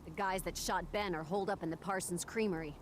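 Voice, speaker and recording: A woman's voice: lowish voice, fairly even intonation, fast, noisy background, lightly acted. A woman voicing a tough, curt female guard in a video game. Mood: stern. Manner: curt, stern.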